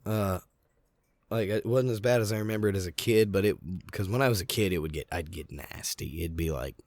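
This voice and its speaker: A man's voice: deep voice, brisk, a little mellow, no room sound. A man co-hosting a podcast, telling a candid, rambling story in casual chat while getting over a sore throat. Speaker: podcast co-host. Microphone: podcast mic.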